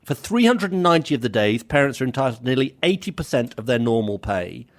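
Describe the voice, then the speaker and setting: A man's voice: medium pitch, sing-song, quick pace. British man telling stories on a podcast. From Britain. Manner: chatty anecdotal storytelling with laughs and restarts. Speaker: podcast co-host. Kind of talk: casual chat.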